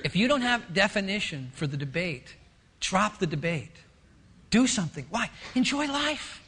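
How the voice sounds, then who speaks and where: A middle-aged male pastor preaching a sermon, telling stories and acting out voices in an animated way. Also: high-pitched, normal speed, slight background noise. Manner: animated storytelling with acted-out voices.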